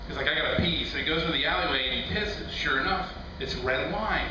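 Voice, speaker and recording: A man's voice: medium pitch, quick pace, hardly any pauses. A man doing a stand-up routine in a loose, conversational way, full of fillers and acted-out quotes. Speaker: stand-up comedian. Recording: echoey room from far off, noisy.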